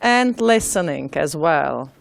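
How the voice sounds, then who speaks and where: A woman giving a conference talk, informal and a little halting. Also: sits low, lively intonation, creaky, dry recording. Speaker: conference speaker. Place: conference hall.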